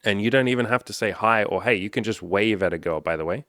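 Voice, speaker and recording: A man's voice: fairly low pitch, fast talker, fairly bright tone, dry recording, studio quality. A man giving blunt, casual dating advice to viewers, reading out their comments and answering them, swearing freely. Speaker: dating coach. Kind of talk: casual talking-head advice video.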